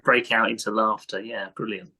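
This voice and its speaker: A man co-hosting a podcast, chatting casually with relaxed, reflective remarks. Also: fairly low pitch, moderate pace, husky, rough recording. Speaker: podcast co-host. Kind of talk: casual chat.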